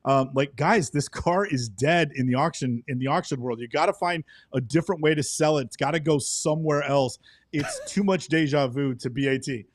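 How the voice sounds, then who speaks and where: A man's voice: fairly high pitch, no room sound. Guy co-hosting car talk, confident and direct, dry close sound. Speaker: podcast co-host. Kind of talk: casual car auction chat.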